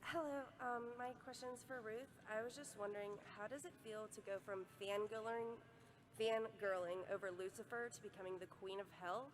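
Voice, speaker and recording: A woman's voice: medium pitch, steady tone, moderate pace. A woman fan asking a convention guest a question, a little hesitant.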